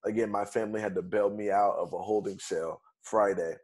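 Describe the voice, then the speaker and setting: A man with a fairly low-pitched voice recounts a personal experience as a podcast guest. He speaks casually and conversationally, moving through the events in quick steps. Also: steady tone, a little mellow. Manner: conversational, retells events in quick steps with "bam" and "fast forward".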